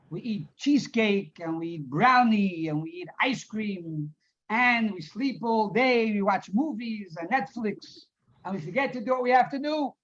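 A man's voice: extremely high pitch, a bit bright. A man teaching a Torah class who reads Hebrew phrases, translates them and tells parables with repetition for emphasis. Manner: storytelling, repeats words for emphasis. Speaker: rabbi teacher. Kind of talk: Torah class on a Hasidic discourse. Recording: dull lo-fi recording.

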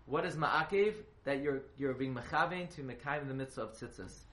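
A man's voice: medium pitch, normal speed, a bit bright. Man teaching a class in an echoey room. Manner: quizzes the class, spells words letter by letter. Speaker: Torah teacher. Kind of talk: halacha class lecture. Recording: echoey room, faint hiss.

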